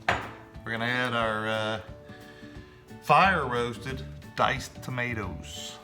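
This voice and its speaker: A man narrating his home cooking in a relaxed, chatty way, with many fillers. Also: medium pitch, drawn-out words, over music. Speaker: home cook.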